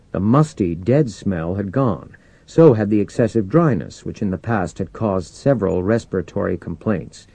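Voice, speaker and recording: A man narrating a novel in a low, mellow voice, with lively rises and falls in pitch. His measured, expressive reading is recorded close and dry, with no room sound. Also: no room sound. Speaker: audiobook narrator. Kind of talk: scripted narration.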